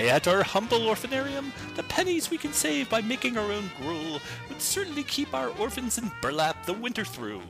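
A man's voice: high-pitched, vocal fry, exaggerated voice, low-quality recording. A man voicing a pompous turn-of-the-century patent-medicine magnate in a florid, grandiose old-timey manner. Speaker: listener sending in a bit.

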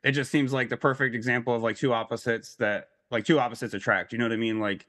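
A man's voice: mid-range voice, fairly even intonation, fast, a bit bright. A man chatting as a podcast guest, rambling with many fillers and laughing. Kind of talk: casual film discussion.

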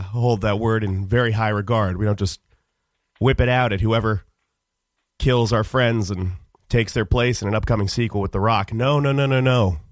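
A man telling a rambling, mock-solemn comic story on a radio show, halting with many fillers. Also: medium pitch, no echo, studio quality. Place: radio studio.

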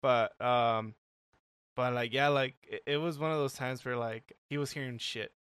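A man telling a story on a podcast, halting and restarting, full of "like". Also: medium pitch, fairly even intonation, a bit bright, clean tone, no echo. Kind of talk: casual storytelling.

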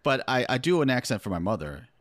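A man's voice: medium pitch, very animated, quick pace, no echo, clean studio sound. A man talking as a podcast guest about his first novel, rambling casually and laughing often between thoughts. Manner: rambling, laughs often, slips into imitated accents. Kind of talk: casual chat.

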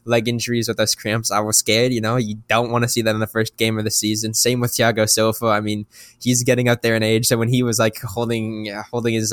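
A man's voice: lowish voice, fairly bright tone, no echo. A man co-hosting a casual sports podcast, rambling through his points with many repeats and fillers. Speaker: podcast co-host.

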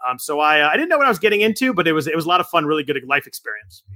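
Fast, bright-voiced chatty male guest. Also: fairly high pitch, very animated, no room sound, clean studio sound. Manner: rapid, chatty, loose storytelling. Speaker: podcast guest. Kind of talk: casual podcast chat.

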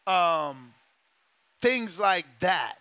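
Male boxing talk host, sharp bright tone, casual emphatic rant full of repetition and swearing. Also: sits high, lively intonation, extremely slow, no room sound. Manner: emphatic, profane, repeats himself.

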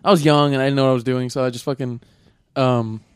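A man's voice: medium pitch, steady tone, fast, clean tone, no room sound. A young man in casual chat with friends, blunt and candid, jumping in with reactions.

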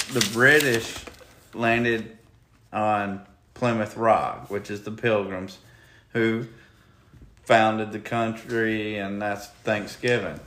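A man's voice: on the low side, a bit bright, slight background noise. A man hosting a podcast in casual chat, laid-back and joking. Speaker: podcast host. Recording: echoey room.

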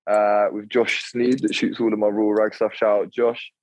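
A man's voice: lowish voice, level tone, normal speed, no room sound, rough recording. A young man, chatting as a podcast guest in a laid-back, rambling way. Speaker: podcast guest, clothing creator. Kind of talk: casual chat.

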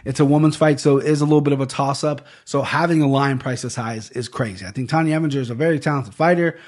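The host of this casual fight-picks betting podcast is a young man talking quickly into a desk microphone. His voice is medium in pitch with a darkish tone, and he wanders off topic, swears, and trips over names.

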